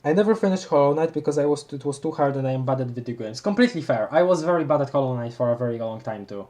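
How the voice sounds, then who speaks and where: Brief: young adult live-read streamer, laughs a lot, trips over words and corrects fast, chatty and excited. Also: mid-range voice. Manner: animated, laughing often, quick self-corrections. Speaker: livestream host reading a webcomic aloud. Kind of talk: casual live-read commentary.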